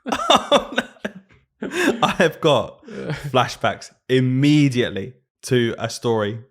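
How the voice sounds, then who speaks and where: Young male co-host, animated and quick to laugh, casual storytelling. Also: mid-range voice. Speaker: podcast co-host, primary school teacher. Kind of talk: casual chat.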